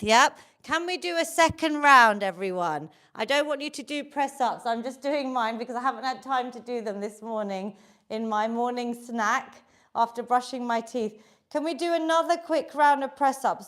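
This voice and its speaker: A middle-aged British woman leading a live online workout class, encouraging her students and cueing their breathing and counts. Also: sits high. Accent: British English. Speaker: fitness instructor.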